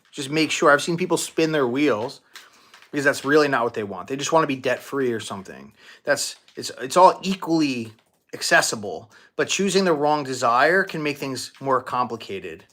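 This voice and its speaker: A man hosting a live-stream Q&A as a manifestation coach, talking casually with many restarts and fillers and thanking donors excitedly. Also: mid-range voice, normal speed. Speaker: manifestation coach and livestream host. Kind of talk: live-stream Q&A, answering viewer questions.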